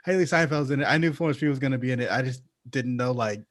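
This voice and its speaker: A man's voice: mid-range voice, fast talker. A man co-hosting a podcast in casual chat, laid-back, laughing and swearing a lot. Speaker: podcast co-host.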